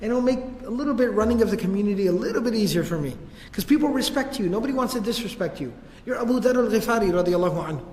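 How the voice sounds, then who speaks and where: A man voicing a calm male community leader who reasons softly and firmly with an old friend, in an echoey hall. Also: sits high, very fast. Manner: soft, reasoning, conversational.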